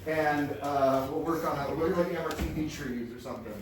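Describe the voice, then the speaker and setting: A man's voice: a little high, a little fast, very noisy. A man doing a playful, self-mocking stand-up set, often laughing through his own lines. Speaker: stand-up performer. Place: large hall with live audience. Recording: echoey hall, far from mic, live crowd.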